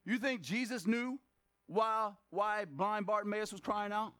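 A man with a very high voice preaches a lively sermon to his church. He keeps asking the congregation questions, slips in joking asides, and now and then bursts into a shout to drive his point home. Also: measured pace. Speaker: pastor. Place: church service.

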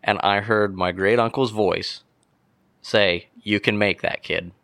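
Young male guest, gravelly low voice, dry close sound, animated storyteller from Pennsylvania. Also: slow, no echo. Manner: animated storyteller, acts out quotes. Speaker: podcast guest. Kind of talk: casual storytelling.

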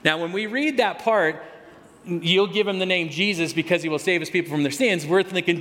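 A man's voice: sits high, fairly quick, fairly bright tone, long reverb tail. A man preaching a sermon as pastor, talking conversationally, restarting and repeating words and stressing key phrases.

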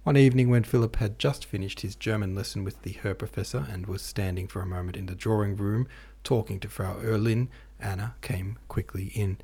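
A man reading a classic novel aloud as an audiobook narrator, with a measured, even delivery. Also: fairly low pitch, vocal fry, husky. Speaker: podcast host and audiobook reader.

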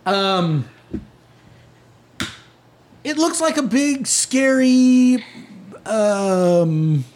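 A man with a fairly high voice running a tabletop game, narrating scenes in a relaxed, halting way. He fills his pauses with "um" and "like" as he sets the scene. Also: a little hiss or hum. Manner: casual, hesitant, many fillers. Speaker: game master.

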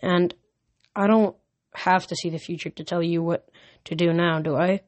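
A woman reading a storybook aloud, voicing a teenage girl oracle in a soft, earnest, slightly shaken way. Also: fairly low pitch, steady tone, normal speed, close to an everyday voice. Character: teenage girl oracle, dazed but determined.

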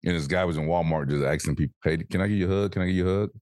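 A man co-hosting a podcast in casual chat, animated and swearing freely, acting out voices as he tells stories. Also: deep voice, very fast, dry recording, studio quality. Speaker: podcast co-host.

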